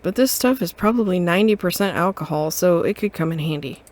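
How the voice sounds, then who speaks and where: A woman's voice: lowish voice, lively intonation, fairly quick. A woman game streamer narrating and voicing her detective cat in a playful, amused way. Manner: playful, giggly, quietly amused. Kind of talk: casual narration of a story game.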